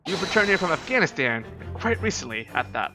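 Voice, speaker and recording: A streamer playing a grandiose, self-important male detective from a visual novel, holding forth with lively swings of pitch. He sounds theatrical and pompous. Game music plays behind him. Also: quick pace, close to an everyday voice. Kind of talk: reading visual novel lines aloud.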